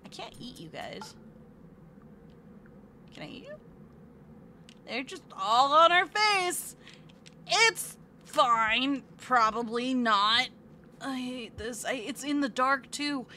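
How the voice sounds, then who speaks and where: A woman streams a game live, talking to her viewers in a playful, chatty way. Her high voice swings widely as she goes. Her tone is very bright, with faint room noise behind her. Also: animated, takes it slowly. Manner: playful, chatty, reads chat aloud; squeals and fake-whines at the game.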